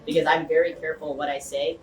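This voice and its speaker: A man from the Los Angeles area giving an animated, rambling storytelling speech to a community group. He restarts phrases often and leans on "like" and "you know.". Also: a little high, fast talker. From Los Angeles area, United States. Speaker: speaker addressing a community group. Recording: echoey room, mic far off, faint hum.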